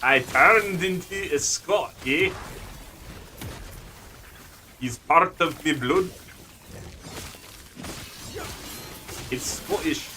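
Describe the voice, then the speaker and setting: A male streamer voicing a boastful Scotsman with a heavy, slowed mock-Scottish brogue. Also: a little high, pushed and bright, a little hiss or hum, full character voice.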